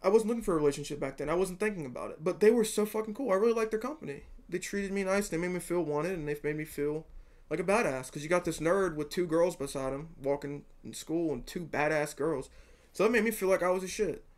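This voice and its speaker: Young man, slightly high voice, earnest and rambling, swears casually while talking to camera. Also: fast talker. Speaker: vlogger giving dating advice.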